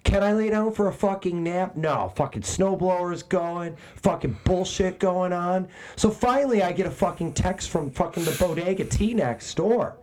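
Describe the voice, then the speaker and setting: A man's voice: sits high, moderate pace, hardly any pauses, darkish tone. A man telling a long, profane story as a podcast co-host, ranting and swearing constantly.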